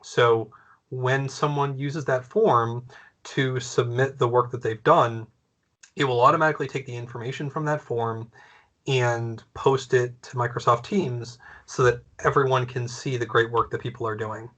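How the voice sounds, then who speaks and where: Bright-voiced man. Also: medium pitch, steady tone, normal speed. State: losing his voice. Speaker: training presenter. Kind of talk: online training webinar.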